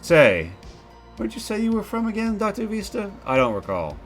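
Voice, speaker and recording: Man playing a sharp, suspicious woman officer, dry and probing, tabletop game. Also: high-pitched, wildly swooping pitch, normal speed, faint music behind, pitched above the performer's own voice, full character voice.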